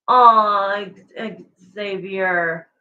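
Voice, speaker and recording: Slow, chatty woman reading tarot. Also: medium pitch, fairly even intonation, narrow, tinny audio. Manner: rambling, chatty, emotional, searches for words. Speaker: tarot reader. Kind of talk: live-stream tarot reading to viewers.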